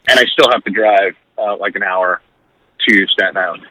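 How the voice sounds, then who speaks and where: Co-host, male, calling from a van, bright tense voice, choppy phone line. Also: fairly low pitch, normal speed. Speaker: podcast co-host. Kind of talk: casual chat. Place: inside a moving van. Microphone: phone call.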